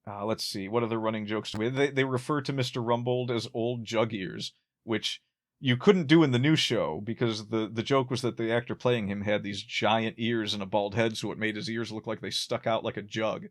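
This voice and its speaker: His voice is on the low side, with fairly even intonation and a moderate pace. As a podcast co-host, he chats casually about a classic sitcom, rambling, restarting often, and chuckling at his own jokes.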